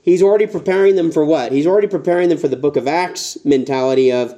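Pastor, male, conversational sermon delivery, mellow tone, slightly high voice. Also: quick pace, hardly any pauses, muffled recording. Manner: conversational, rising emphatic tones when quoting.

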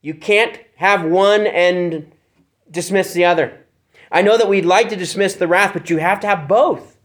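A man's voice: sits high, a little slow. A man preaching an expository sermon, earnest and searching for words, with fillers and restarts. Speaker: pastor.

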